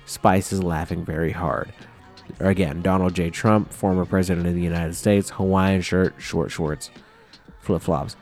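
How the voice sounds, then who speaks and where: Drunk guy, deep voice full of fry, swearing and rambling on about a dream. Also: steady tone, measured pace, a little mellow, soft background music. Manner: profane, rambling, self-mocking. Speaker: vlogger. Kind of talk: rambling comic storytelling.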